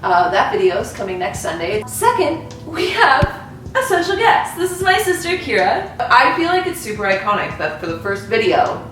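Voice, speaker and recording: A young woman in her twenties hosting a casual chat with her sister, giggly and animated in her storytelling. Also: fairly high pitch, normal speed, far from the mic. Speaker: channel host. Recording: roomy echo, off-mic, faint hiss.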